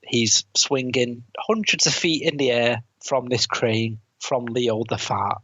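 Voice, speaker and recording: Guy on a podcast going through a movie plot, bit husky, dry dull mic sound. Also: medium pitch, pushed and bright, no room sound. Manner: retells the plot with laughs and quick quoted lines. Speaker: podcast co-host. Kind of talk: casual film review chat.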